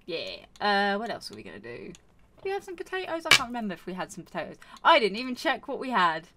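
With background noise behind her, a woman's medium-pitched voice swings widely in pitch as she talks fast. She's a gaming YouTuber giving casual commentary on a farming game, rambling, scolding herself, and filling gaps with plenty of fillers.

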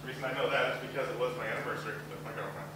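At a university talent show, a young adult student comic holds a steady tone at medium pitch while rambling through self-deprecating stand-up with brisk acted-out asides. A distant, very echoey hall mic captures him along with background noise, crowd ambience, and audience laughter.

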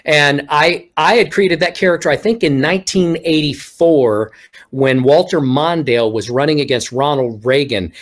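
A middle-aged Texan ventriloquist appears as a guest on a video-call interview, telling stories in a casual, animated way. His voice runs on the high side at a moderate pace, and he acts out the speech he quotes.

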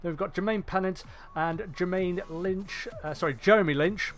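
A man's voice: sits high, moderate pace. A young man giving casual, rambling commentary on a football management game, often correcting himself and cracking jokes. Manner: chatty, rambling, self-correcting, jokey. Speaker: gaming YouTuber.

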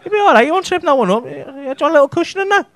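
A man's voice: extremely high pitch, expressive, racing, fairly bright tone. A man doing crude, teasing crowd work as a stand-up comedian on a comedy club stage. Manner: brash, crude, teasing banter with constant swearing.

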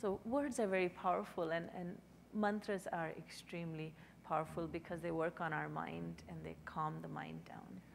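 A woman speaking on a panel, telling gentle stories with soft chuckles. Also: lowish voice, steady tone, normal speed, gravelly. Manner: gentle storytelling, chuckles softly. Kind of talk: panel discussion. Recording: hall reverb, faint noise.

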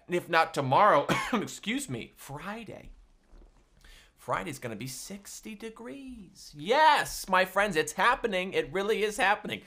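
A man teaching a livestreamed music class for small children, talking in an animated, sing-song way. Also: sits high, a little slow.

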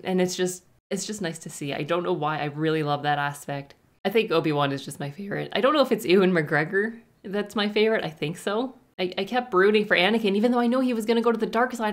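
A woman's voice: medium pitch, quick pace. A young woman hosting a movie reaction, chatting casually and reading trivia in a gushing, rambling way.

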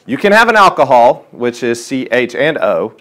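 A man's voice: medium pitch, moderate pace. A man tutoring a chemistry class, asking students questions as he works through problems in a classroom. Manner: lively, questioning teacher talk. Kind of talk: classroom lesson.

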